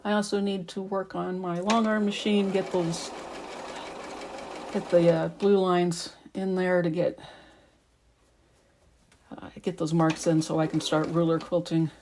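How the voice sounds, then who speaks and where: A middle-aged woman with a lowish, slightly mellow voice rambles casually while quilting in her sewing room, chatting as she works. She speaks at a measured pace with fairly even intonation and frequent pauses. A sewing machine hums faintly behind her, with slight background noise.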